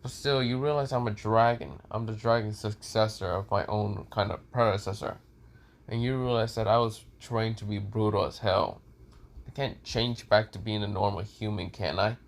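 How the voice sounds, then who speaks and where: A man's voice: fairly low pitch, fairly even intonation, moderate pace, gravelly. A man doing a smug flirty dragon heir. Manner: teasing, smug.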